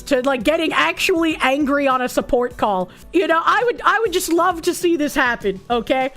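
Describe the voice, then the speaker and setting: A woman's voice: sits high, big pitch swings, moderate pace, fairly bright tone, faint music behind. A woman giving casual, opinionated commentary on the news, sarcastic and blunt with plenty of swearing and frequent laughter. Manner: laughs often.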